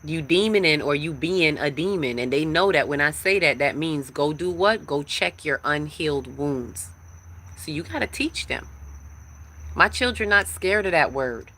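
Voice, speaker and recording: Woman, livestream spiritual talk, emphatic, repeats herself, sharp bright tone. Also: low-pitched, animated, normal speed, hardly any pauses, a little hiss or hum. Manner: emphatic, repetitive, preachy. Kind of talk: live-streamed spiritual talk.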